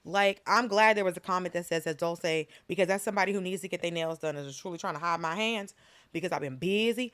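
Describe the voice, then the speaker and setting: A young woman co-hosting a casual drama podcast, talking in an animated, exasperated way with quick asides and mock quotes. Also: fairly low pitch, smooth, no room sound. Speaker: podcast co-host. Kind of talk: casual chat.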